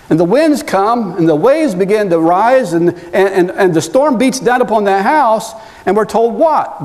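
A man's voice: high voice, a little mellow. Folksy preacher man in a reverberant hall. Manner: folksy, chatty asides and humor. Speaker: pastor. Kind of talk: sermon.

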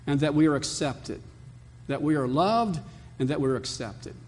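A man's voice: on the high side, a little mellow. A man preaching a sermon, telling a story and building to impassioned rhetorical questions. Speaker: pastor. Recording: long hall reverb.

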